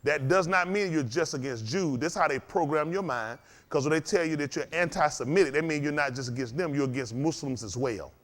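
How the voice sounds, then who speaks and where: A man preaching a sermon to a congregation, firing questions at the crowd and swinging between loud and low. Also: brisk, hardly any pauses. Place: congregation hall.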